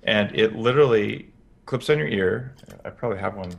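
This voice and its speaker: A man as a podcast guest, explaining practical health advice in an energetic interview. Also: lowish voice, a little fast, gravelly. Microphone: headphones with podcast mic.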